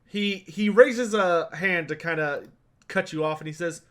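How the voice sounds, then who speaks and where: A man's voice: high-pitched, unhurried, fairly bright tone. A man running a tabletop role-playing game as game master, narrating casually with plenty of fillers.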